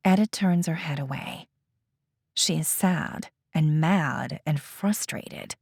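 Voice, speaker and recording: Unhurried, expressive woman narrator. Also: deep voice, creaky, breathy edge, dry recording, clean studio sound. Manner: measured, expressive storytelling. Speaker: audiobook narrator. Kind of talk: scripted audiobook narration.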